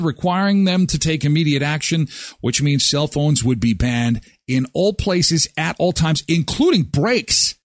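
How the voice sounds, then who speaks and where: A man's voice: fairly high pitch, no echo, clean studio sound. A man hosting a daily morning show, chatting casually and telling jokey stories. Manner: chatty, jokey, animated storytelling. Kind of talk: casual radio show chat.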